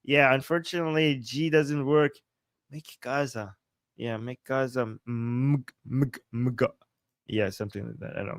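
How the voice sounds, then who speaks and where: A man from Iran, hosting a live-streamed political commentary, reading chat aloud with a sarcastic, animated manner and frequent laughs. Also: medium pitch, unhurried, no echo. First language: Persian. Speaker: political commentator and livestream host.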